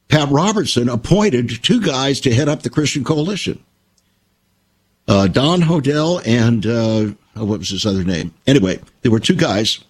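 Older man, husky voice, lively intonation, emphatic radio-talk storyteller. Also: mid-range voice. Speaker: Christian broadcaster. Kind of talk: conversational talk show.

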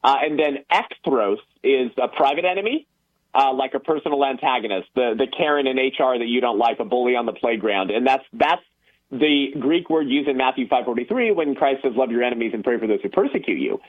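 A man's voice: mid-range voice, lively intonation, fairly quick, phone-quality sound. A man explaining ideas earnestly as a guest on a radio talk show, with many ums and uhs.

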